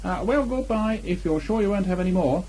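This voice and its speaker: A man's voice: sits high, animated, fairly quick, dark tone, voice pushed up. A man voicing a fussy, cautious male rabbit in a storybook reading, with a prim, hesitant manner, on a muffled old tape.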